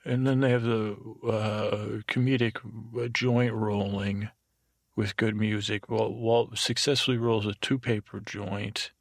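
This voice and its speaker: A man's voice: lowish voice, level tone, measured pace, gravelly, dry recording, studio quality. A man hosting a sleep podcast, recapping an episode in a meandering, digressive way with many fillers and restarts. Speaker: podcast host.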